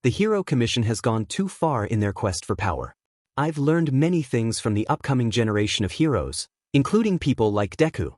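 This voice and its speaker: A commanding hero leader making a firm public statement, as a male narrator reads him. The delivery is steady, with a middle pitch and a dry sound. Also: a little fast, dry recording. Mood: defiant.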